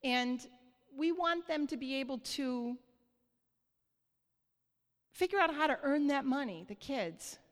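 A woman preaching a sermon in church, earnest and light, often laughing softly and checking in with the congregation. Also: high-pitched, animated, slow, pauses often. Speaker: church speaker. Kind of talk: sermon on giving. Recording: long hall reverb.

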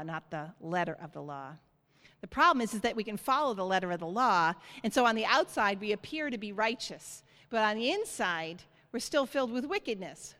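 Woman preaching in a reverberant church. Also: a little high. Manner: animated preaching with rising emphasis. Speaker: pastor. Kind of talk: sermon. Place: church sanctuary. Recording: hall reverb.

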